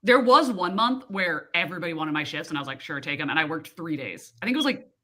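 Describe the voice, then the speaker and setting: Woman on a video call chatting about work, super lively and bright, acts out everybody. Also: fairly low pitch, quick pace. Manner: animated storyteller, acts out quoted people. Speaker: co-host of a reading sprint livestream. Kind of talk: casual chat.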